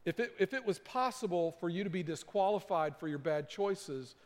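A man preaching a sermon as pastor, swelling from hushed, slow lines to emphatic, rising calls. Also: high voice, lively intonation, big-room sound.

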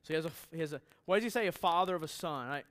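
A man's voice: on the high side, very fast, a bit bright. Man giving a casual, joking sermon. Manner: conversational, joking asides, quizzes the congregation. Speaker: pastor. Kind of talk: sermon Bible teaching.

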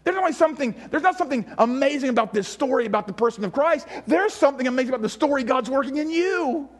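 A man's voice: very high-pitched, expressive, fast talker. A male pastor preaching a sermon in a church, emphatic, repeating phrases and firing rhetorical questions at the congregation.

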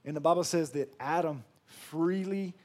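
A man preaching a sermon, asking his listeners questions, dropping soft and low for acted apologies and rising high when he scolds. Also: moderate pace. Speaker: pastor.

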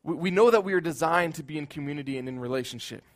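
A man preaching a sermon in an earnest voice, building at times into loud, emphatic outbursts. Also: a little high, very fast.

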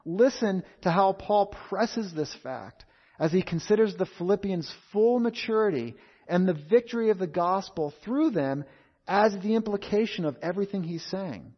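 Male preacher, high-pitched, deliberate emphatic delivery; muffled lo-fi recording. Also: animated. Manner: measured, emphatic, repeats key phrases. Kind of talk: expository sermon. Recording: dull lo-fi sound.

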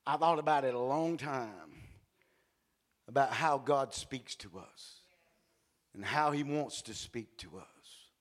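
In his sermon, a male preacher tells stories animatedly, mixing in blunt jokes and sudden shouts. His voice is medium-pitched, trailing a long reverb tail.

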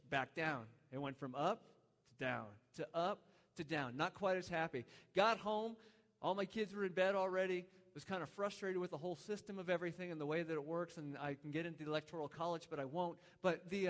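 Pastor, male, 30s, slightly higher voice, earnest storytelling sermon, long hall reverb. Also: a little fast. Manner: storytelling, earnest, with many restarts.

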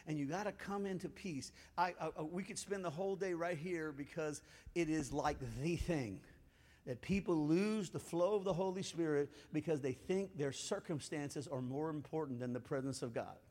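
High-voiced preacher in a reverberant hall. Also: male voice, normal speed. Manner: swings from loud exhortation to hushed, intimate talk. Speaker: pastor. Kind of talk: sermon.

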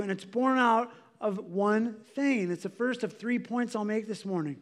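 A male pastor delivers a sermon in a fairly high voice. He speaks earnestly and with emphasis, reading scripture aloud and acting out the prayers he quotes. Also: moderate pace, few pauses.

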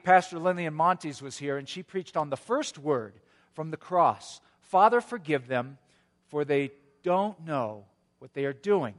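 A male pastor preaching a sermon, telling a story in an earnest way with gentle humor. His voice sits a little high for a man, and it rings out with a long reverb in a church sanctuary.

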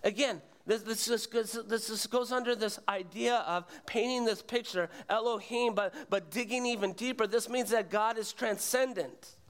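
A pastor preaches in an earnest, searching way and keeps asking the congregation to fill in words. His voice sits high for a man. He circles back and repeats phrases as he builds his point. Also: moderate pace, few pauses. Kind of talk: sermon.

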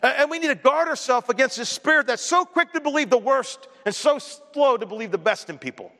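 Male pastor, bright forceful delivery, conversational sermon storyteller, long hall reverb. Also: very high-pitched, animated, a little fast. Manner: conversational storytelling preacher, mimics others with a raised voice.

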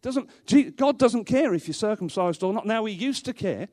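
High-voiced man preaching emphatically. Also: animated, moderate pace, darkish tone. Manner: emphatic, repeats rhetorical questions. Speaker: pastor. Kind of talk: sermon. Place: church, before a congregation.

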